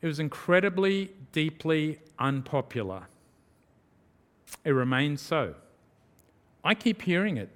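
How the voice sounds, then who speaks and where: A man's voice: a little high, slow, long pauses. A man preaching a sermon and retelling a Bible story, acting out the voices of the people in it. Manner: animated storytelling, acting out voices of biblical figures.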